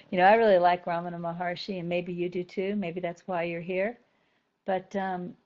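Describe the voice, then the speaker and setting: This is a woman leading a reflective spiritual talk for a group, her voice a touch low and her pace very slow. She turns phrases over gently and repeats them for emphasis. The recording sounds slightly dull and lo-fi. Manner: gentle, thoughtful, repeats key phrases slowly. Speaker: spiritual teacher.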